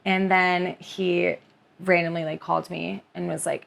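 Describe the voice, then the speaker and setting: Gravelly-voiced young woman telling a story. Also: on the low side, unhurried. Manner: expressive, rambling, heavy use of "like". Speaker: podcast guest, nurse. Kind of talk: casual confessional chat.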